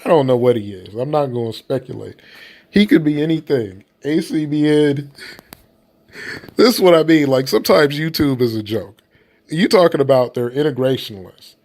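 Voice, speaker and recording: Male commentator, mid-pitched voice, blunt and profane, rambles loosely, casual opinion talk. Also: moderate pace, darkish tone. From United States.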